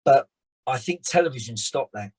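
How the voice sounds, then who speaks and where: A man, an actor and director telling stories in a rambling, animated way as a podcast guest. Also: mid-range voice, moderate pace, slightly rough, rough recording. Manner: animated storyteller, rambling restarts. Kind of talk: casual chat.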